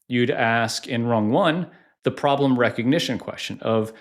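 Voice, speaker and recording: Man, sales coach, conversational teaching, lively pitch, acts out example lines. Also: normal speed. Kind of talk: instructional talk to camera.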